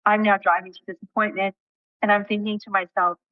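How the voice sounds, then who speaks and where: A woman guest in an interview, telling a personal story in an animated way and acting out what people said, with casual swearing. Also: mid-range voice, brisk, no echo, dull audio.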